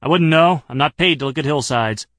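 A man's voice: on the high side, fairly quick, a bit bright, dry recording, clean studio sound, lightly acted. A man voicing a suspicious, self-important heavyset security guard who talks in a sullen, stubborn way. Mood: surly.

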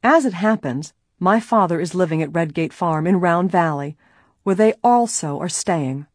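Blunt assertive young man read by a woman, low breathy tone, dry close sound, audiobook. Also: animated, moderate pace, darkish tone, no echo. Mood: blunt firm. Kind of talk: audiobook character voice.

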